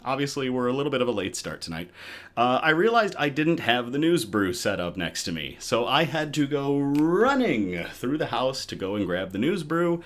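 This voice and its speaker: A man's voice: mid-range voice, big pitch swings, normal speed, a bit bright. A man hosting a casual live good-news show from home, chatty and upbeat, a little out of breath. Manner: chatty and upbeat, with chuckles and restarts.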